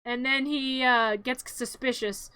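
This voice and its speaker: A woman's voice: sits high, steady tone, a little slow, pushed and bright, clean tone, dry recording. A woman streamer narrating a cartoon in a playful, rambling, giggly way, often correcting herself.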